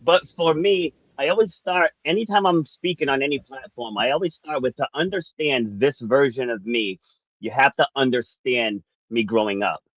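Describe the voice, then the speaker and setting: A man co-hosting a podcast, telling a personal story in an animated way, laughing often. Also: medium pitch, normal speed, no room sound, dull audio. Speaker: podcast co-host.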